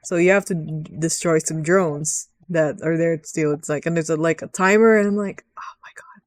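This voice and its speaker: A woman talking through a video game in casual, rambling commentary, often giggling and swearing freely. Her voice sits on the lower side, recorded close and dry with no room sound. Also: moderate pace, no echo. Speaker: gaming video host.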